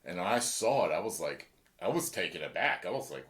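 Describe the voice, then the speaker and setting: Animated, chatty male reaction host. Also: deep voice, a little fast. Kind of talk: casual reaction commentary.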